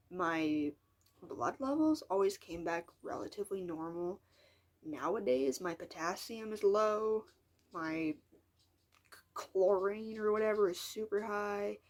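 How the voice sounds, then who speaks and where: A woman's voice: mid-range voice, a little mellow. An eighteen-year-old woman talking in a casual vlog monologue, frank and frustrated, rambling and dropping into whispered asides. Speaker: vlogger.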